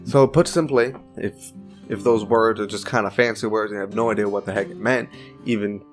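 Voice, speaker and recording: Man, lower-pitched voice, casual opinion monologue, informal, side jokes. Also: fairly even intonation, brisk, faint music behind. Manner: informal, chatty, with joking side remarks. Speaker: video commentator.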